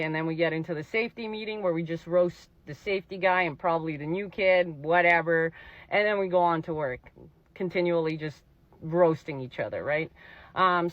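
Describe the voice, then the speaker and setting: A man from Canada recounts a workday in a slightly raised voice, holding back tears and pausing often. The recording sounds dull and lo-fi. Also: fairly high pitch. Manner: tearful, pausing, casual storytelling. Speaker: oil rig worker. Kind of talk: emotional personal story.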